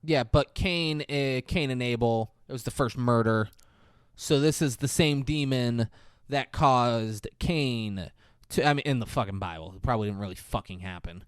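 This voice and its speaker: Blunt, swearing podcast co-host. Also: male voice, mid-range voice, normal speed, smooth, no room sound, studio quality. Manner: blunt, profane, mocking commentary. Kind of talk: casual movie review chat.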